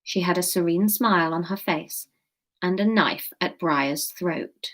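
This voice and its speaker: A woman's voice: on the low side, a little slow, a bit bright. A woman hosting an interactive live-stream story, reading it aloud and breaking off for chatty asides to viewers. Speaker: host and storyteller.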